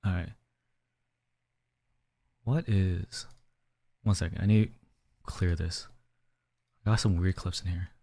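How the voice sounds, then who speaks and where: A man's voice: low voice, fairly even intonation, takes it slowly, creaky, long pauses, dark tone. Chatty man streaming to his chat. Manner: chatty, rambling, talks to chat as "fam". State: out of breath. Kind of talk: casual live-stream chat. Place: small room indoors.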